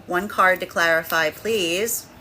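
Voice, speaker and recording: A woman's voice: fairly low pitch, slow, sharp tone, slight background noise. A woman giving a casual spoken tarot reading, chatty and full of fillers, often laughing while she acts out what people might say. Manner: chatty, with many fillers, laughing while acting out quoted voices. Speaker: tarot reader.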